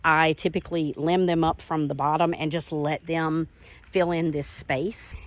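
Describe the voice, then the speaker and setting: A middle-aged woman with a Southern accent, chatting enthusiastically as she walks through her garden and shows off her plants. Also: low voice. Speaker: garden vlogger. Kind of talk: casual garden tour narration. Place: outdoors in a home garden.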